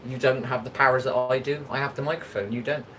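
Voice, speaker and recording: A man's voice: medium pitch, fairly even intonation, fast talker, fairly bright tone, slight background noise, rough recording. An English man hosting a casual livestream while he cooks, rambling and talking back to chat comments. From England. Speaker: livestream host.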